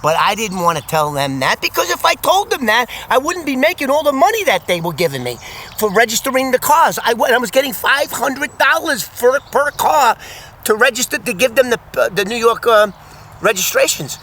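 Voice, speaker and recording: A man in his sixties telling a story from his own past, animated and casual, often repeating words as he goes. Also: very high-pitched, a little fast, slight background noise. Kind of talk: casual first-person storytelling.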